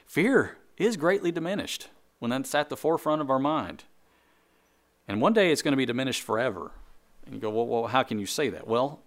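Guy preaching in a church, chatty and jokey, repeats himself a lot, middle pitch. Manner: conversational preaching, jokes and quick asides, repeats phrases. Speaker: pastor. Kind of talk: sermon.

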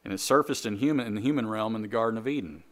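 A man preaching a sermon to a congregation in a conversational way, with jokes, quick asides and repeated phrases. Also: on the low side. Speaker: pastor.

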